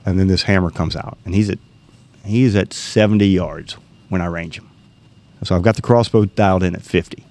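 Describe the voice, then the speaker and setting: A middle-aged man tells a story in a casual, animated way, voicing the people in it. His voice sits very low, with a rough gravelly edge. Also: brisk. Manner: animated storyteller, acts out quoted dialogue. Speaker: guest telling a hunting story.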